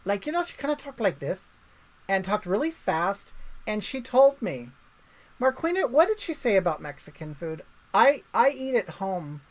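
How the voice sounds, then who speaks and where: A woman's voice: mid-range voice, sing-song, normal speed, low-quality recording. Rambling chatty woman talking to her live chat, voice swings up and down a lot. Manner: rambling, chatty, reads viewer comments aloud. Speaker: livestream host. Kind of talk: casual livestream chat.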